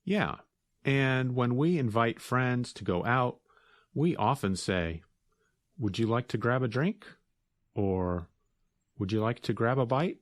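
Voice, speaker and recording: A man co-hosting an English lesson, explaining words in a calm, slow and clear way. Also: medium pitch, dry recording, clean studio sound.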